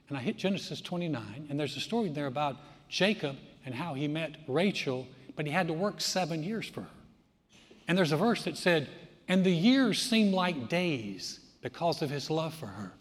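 An older man in his sixties preaches in a church, telling a personal story with lively, conversational delivery. His voice sits a little high for a man. His words ring out with a long hall reverb. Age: 60s. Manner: conversational, animated storytelling with quoted asides. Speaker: pastor. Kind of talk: sermon storytelling.

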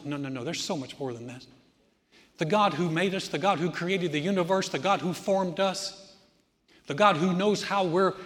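A pastor in full sermon mode, his high voice carrying through a large hall with a long reverb tail. He preaches with animation, leaning hard on repeated phrases to drive each point home.

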